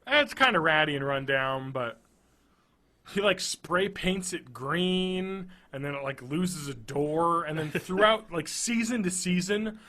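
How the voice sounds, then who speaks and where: Bright-voiced man rambling on a podcast. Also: fairly high pitch, lively intonation, a little slow. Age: 30s. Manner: rambling, laughs often, swears freely. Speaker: podcast co-host. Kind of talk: casual podcast chat.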